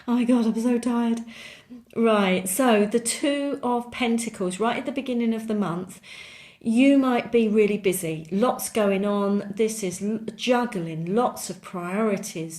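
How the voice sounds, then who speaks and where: A woman's voice: medium pitch, a little mellow. A woman giving a monthly tarot reading, chatty and encouraging, repeating words for emphasis. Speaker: tarot reader.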